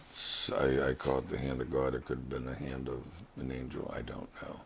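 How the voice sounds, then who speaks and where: A man with a very deep, flat voice tells a personal spiritual story. He speaks slowly, in an earnest and halting way, like a vlogger giving his testimony. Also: breathy edge.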